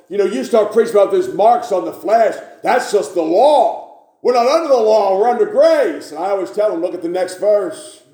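High-voiced man preaching in an echoey church. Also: mellow. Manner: emphatic, repeats key phrases, reads scripture in old wording. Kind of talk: sermon with scripture reading. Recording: echoey room.

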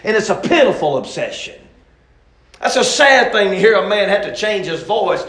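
A preacher man delivering a sermon in a folksy drawl, his voice sitting high for a man. His delivery climbs from easygoing talk into loud shouts. The sound comes from an echoey church room. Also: very animated, moderate pace.

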